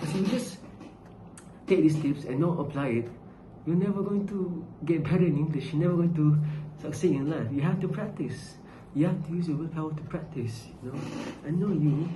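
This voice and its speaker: A young man giving mock advice in a comedic vlog, rambling, joking and swearing, dropping casual particles into his talk. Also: on the high side. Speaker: vlogger. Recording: echoey room with steady background noise.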